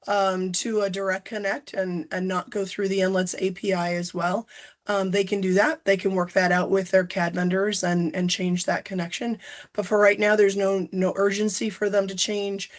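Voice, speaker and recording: Middle-aged woman, webinar presenter on a call, nasal cold voice, flat delivery, plenty of ums. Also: mid-range voice. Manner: casual, with frequent ums and self-corrections. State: congested from a cold, a little nasal. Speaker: presenter, company general manager. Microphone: video call.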